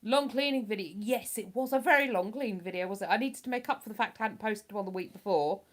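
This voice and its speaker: A woman's voice: mid-range voice, quick pace. A woman hosting a casual livestream, chatting to her viewers and reading their comments aloud in a rambling, self-deprecating way. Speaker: livestream host reading chat. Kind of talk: casual live chat.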